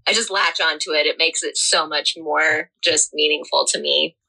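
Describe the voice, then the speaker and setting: Brief: young female co-host, bright tone, rambling fan chat. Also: low voice, steady tone, normal speed, gravelly, husky, poor audio. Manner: rambling, many fillers and restarts. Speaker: podcast co-host. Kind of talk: casual chat about a TV series.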